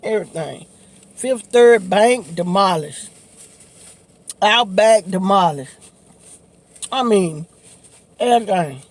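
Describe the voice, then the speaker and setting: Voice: mid-range voice, expressive, slow pace, pauses often. A vlogger, chatting casually while eating on camera, laughing often and talking in loose, informal slang. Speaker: mukbang vlogger.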